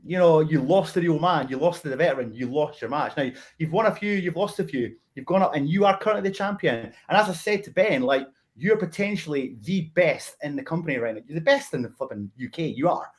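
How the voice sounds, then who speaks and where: A man's voice: a little high, animated, brisk, hardly any pauses. A man, a veteran wrestler near retirement, talking in a friendly, teasing, confident way over a video call. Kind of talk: interview chat.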